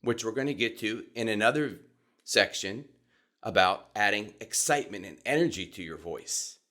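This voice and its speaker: A middle-aged man with a Southern US accent, teaching voice technique in a calm, measured, deliberate way. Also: fairly low pitch. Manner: calm, measured and deliberate, demonstrating vocal examples. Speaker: voice coach. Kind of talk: instructional talk.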